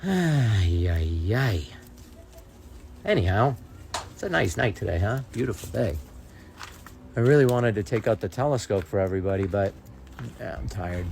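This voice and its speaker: A man's voice: mid-range voice, a little mellow, a little hiss or hum. A man ranting straight to camera, indignant and sarcastic, daring his viewers to prove him wrong. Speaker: content creator. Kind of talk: ranting direct-to-camera monologue.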